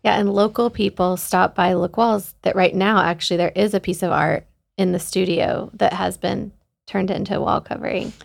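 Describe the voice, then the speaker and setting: Bubbly podcast host lady from oklahoma, lots of vocal fry, chatty. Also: mid-range voice, steady tone. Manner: chatty, bubbly, drawn-out phrasing. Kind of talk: casual podcast conversation.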